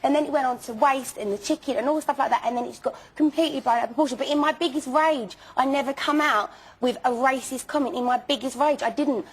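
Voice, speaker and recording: A young woman being interviewed speaks fast in a high, slightly rough voice, stammering and repeating words as she insists on her apology and emphatically denies things. The recording quality is rough.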